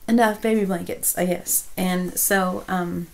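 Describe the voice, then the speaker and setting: A woman's voice: fairly low pitch, fairly even intonation, unhurried, a little mellow, poor audio. A woman, chatting casually as a crochet vlogger, rambling with many restarts and turning emotional. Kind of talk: casual chat.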